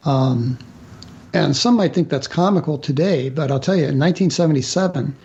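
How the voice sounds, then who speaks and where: Halting storytelling man, somewhat high voice. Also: darkish tone, muffled recording. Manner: halting, many fillers and restarts. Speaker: guest author. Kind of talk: storytelling interview recollection.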